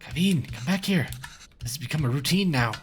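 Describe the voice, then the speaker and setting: Brief: man reading calm, teasing young mum, lively pitch, game music in the background. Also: a little fast, natural voice. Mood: scolding.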